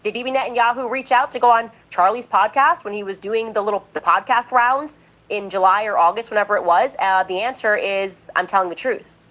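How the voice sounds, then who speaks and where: A woman's voice: medium pitch, fairly quick, a bit bright, poor audio. Indignant, insistent woman commentator. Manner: emphatic and indignant, insistent repetition; mocks others in a raised, exaggerated voice. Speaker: political commentator. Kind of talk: podcast monologue.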